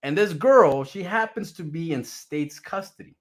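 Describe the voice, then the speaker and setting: A man's voice: fairly high pitch, moderate pace. A man telling a personal story casually, loose and profane, tagging sentences with "right?". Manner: profane, animated, rhetorical "right?" tags. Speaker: channel host telling his back story.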